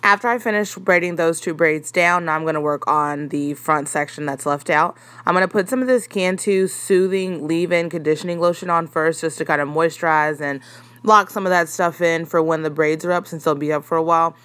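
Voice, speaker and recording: Young woman, low-ish voice, casual tutorial voice-over, chatty, relaxed, filler words. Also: fairly quick, dry recording. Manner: chatty, relaxed, with frequent ums. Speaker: hair tutorial vlogger.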